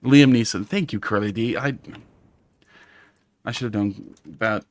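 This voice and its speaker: A man's voice: fairly low pitch, measured pace, no room sound. A man chatting casually on a gaming stream, rambling wryly and searching for words. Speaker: co-player reading chat.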